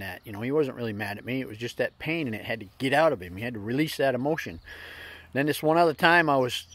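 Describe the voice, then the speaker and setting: A middle-aged man hosting a casual motivational vlog, telling stories in a plainspoken, folksy way. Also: medium pitch. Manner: plainspoken storytelling with folksy slips. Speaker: vlog host.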